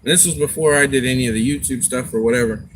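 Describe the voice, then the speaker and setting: A man hosts a casual livestream, rambling from one story to the next and acting out little quoted asides. His voice sits at an ordinary middle pitch. Steady background noise and passing vehicles run under the talk. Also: fast talker, rough recording. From Scotland. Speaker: livestream host. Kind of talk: casual chat.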